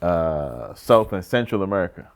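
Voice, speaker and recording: Lively low-voiced man from Barbados. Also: normal speed. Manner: animated storyteller, high-pitched when quoting others. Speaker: podcast co-host. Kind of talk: casual chat.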